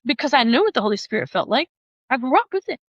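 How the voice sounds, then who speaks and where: A female podcast guest recounts a personal story with lots of energy, laughing often and imitating other people's voices. Her voice is high-pitched and she talks quickly, and the audio is dull with no echo.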